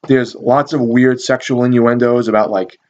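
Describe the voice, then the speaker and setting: A man's voice: medium pitch, fairly even intonation, moderate pace, a little mellow, lo-fi sound. Rambling, profane man reviewing a movie. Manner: rambling, profane, amused, many fillers. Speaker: video reviewer. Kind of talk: casual movie review talk.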